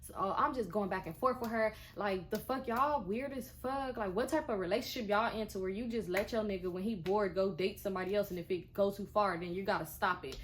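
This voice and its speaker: A young woman, telling a storytime in casual chat, animated and profane and acting out the dialogue. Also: mid-range voice, brisk, few pauses, a little hiss or hum. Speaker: vlogger.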